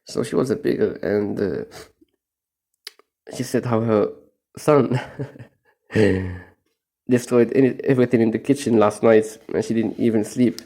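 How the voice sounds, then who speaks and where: A young man with a low, gravelly voice rambles on in a casual, profane monologue. He is stoned and his tone is mellow and unhurried, broken up by frequent laughs. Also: steady tone. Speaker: vlogger.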